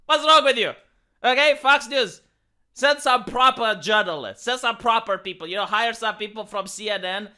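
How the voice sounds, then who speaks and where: This man's voice is high and smooth with a sharp edge, moving at a moderate pace. He's a commentary streamer from Romania, Romanian-accented, delivering mocking, exasperated rants of sarcastic political commentary complete with put-on voices.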